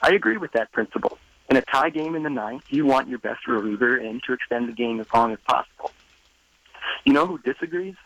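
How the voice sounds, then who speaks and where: A man's voice: mid-range voice, brisk, fairly bright tone, dry recording, rough recording. A man calling in to a radio show, reading a prepared sarcastic rant. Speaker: radio caller.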